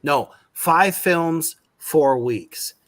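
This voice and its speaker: A man in casual podcast chat, talking slowly and emphatically about acting work and swearing freely. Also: on the high side, crowd noise. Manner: slow, emphatic, swears a lot. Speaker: actor guest.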